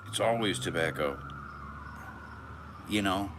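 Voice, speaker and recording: A man in his thirties, with a deep, low voice and a moderate pace, wanders through a musing, profane solo monologue on a rambling live stream. He seems to be outdoors on a hot day, with crickets and passing traffic clearly audible behind him.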